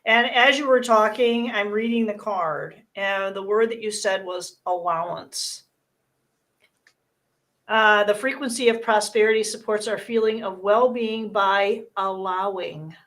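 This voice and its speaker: A woman's voice: medium pitch, a little slow, fairly bright tone. A woman hosting a live show, giving a casual spiritual card reading in an earnest, reassuring way, often restarting her sentences.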